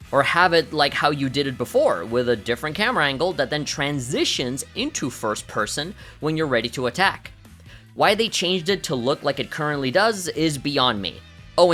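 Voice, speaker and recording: A man in his thirties narrates a scripted game review in a bright, forward voice. He sounds opinionated and sardonic, with mid-range pitch. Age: 30s. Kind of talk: scripted video review commentary.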